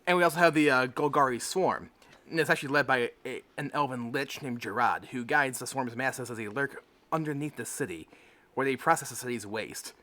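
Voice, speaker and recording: A man co-hosting a podcast, reading notes fairly smoothly and adding wry quips in casual chat. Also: medium pitch, a little fast, pushed and bright. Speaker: podcast co-host.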